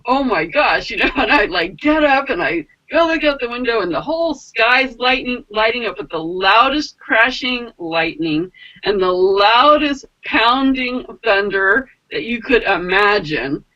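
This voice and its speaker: A woman telling a personal story in a casual, rambling way, acting out her own quotes with big jumps in pitch. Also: animated, a little slow, pushed and bright, muffled recording. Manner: rambling with many fillers like "like" and "you know". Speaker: spiritual mentor and energy healer.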